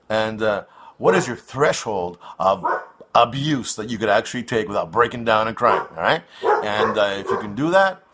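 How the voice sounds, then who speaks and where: A man's voice: mid-range voice, fairly bright tone. A man from North America hosting his own online show, rambling through a crude, swearing monologue full of fillers.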